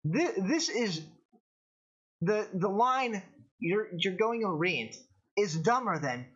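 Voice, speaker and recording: A man's voice: sits high, sing-song, fairly bright tone, breathy edge. Rambling man hosting a lo-fi stream. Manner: rambling, halting, many restarts. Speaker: show host. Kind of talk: casual live-stream commentary.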